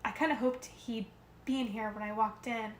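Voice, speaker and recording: A woman reading aloud puts on a brash, chatty teenage girl who loves gossip and slang, her voice pitched high and bright. The reading sits in a roomy, echoey space with a faint hiss behind it. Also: moderate pace, natural voice. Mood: sympathetic. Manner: chatty, slangy, excitable storyteller. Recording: roomy echo with faint noise.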